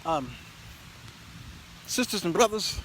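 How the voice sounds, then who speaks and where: Hosting his own live-stream show, a man with a high-sitting voice tells a story at a slow pace by phone, acting out both sides of the conversation with animation. He starts outdoors in the rain and ends up in a car, with slight background noise.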